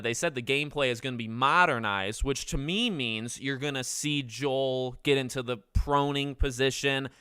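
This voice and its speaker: A man's voice: mid-range voice, sharp tone, clean tone, no echo, studio quality. A man in his twenties hosting a casual livestream, chatting with viewers in a rambling, self-correcting way. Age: 20s. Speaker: livestream host.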